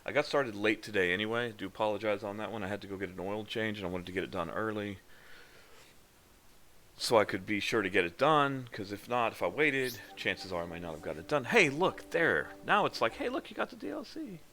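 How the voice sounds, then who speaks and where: A man streaming a game in a relaxed way, swearing casually and reading the game's text aloud. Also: fairly low pitch, fairly quick, a little hiss or hum. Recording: game music behind the voice.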